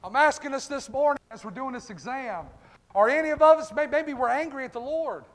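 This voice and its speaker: A man's voice: very high voice, fairly quick. A male pastor preaching a fervent revival-style sermon in a church, calling out congregation members by name. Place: church sanctuary. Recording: echoey church hall.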